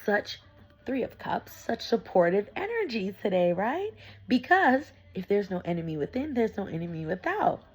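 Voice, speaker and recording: Breathy woman telling a chatty story. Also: medium pitch, normal speed, rough recording. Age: adult with young children. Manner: chatty, animated, slangy storytelling. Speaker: tarot reader. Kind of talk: casual storytelling vlog.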